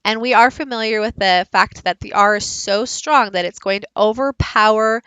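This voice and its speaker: A woman giving a recorded teaching presentation, explaining slowly and modelling speech sounds aloud. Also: medium pitch, pushed and bright, clean tone, dry recording, rough recording. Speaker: teacher leading a book study.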